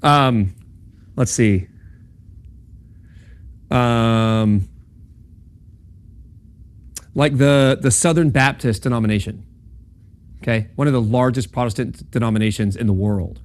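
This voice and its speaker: A man's voice: medium pitch, takes it slowly, pauses often. A young man giving a casual classroom lecture on logic, talking conversationally with lots of ums and okays and checking in with his listeners. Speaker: campus ministry speaker teaching logic.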